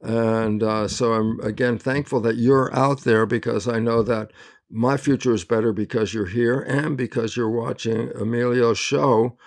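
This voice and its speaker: A man's voice: medium pitch, fairly even intonation, a little slow. Emphatic older man speaking as an interview guest. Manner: earnest, emphatic, acts out quoted exchanges. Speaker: guest biologist. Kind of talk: animated interview talk.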